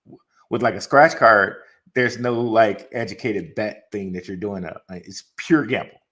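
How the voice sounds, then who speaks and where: A man co-hosting a casual livestream, talking hesitantly with many pauses and restarts. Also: on the low side, a bit bright. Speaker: co-host.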